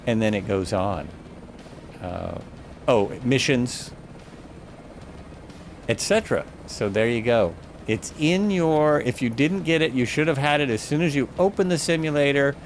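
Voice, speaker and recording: A man's voice: mid-range voice, unhurried, faint music behind. A man streaming a flight simulator, chatting casually and thinking aloud, often stopping to correct himself. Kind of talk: casual live gameplay commentary.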